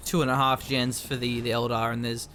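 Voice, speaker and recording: A man's voice: mid-range voice, flat delivery, brisk, bright, forceful tone, slight background noise. A man commentating a strategy video game in a casual, chatty way, often trailing off and restarting.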